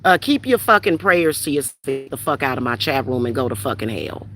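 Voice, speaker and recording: Very deep yet fairly bright, her voice is very animated and fairly quick, with a little hiss or hum. A spiritual reader on a livestream, she angrily reads out viewer comments and retorts with profanity and confrontation.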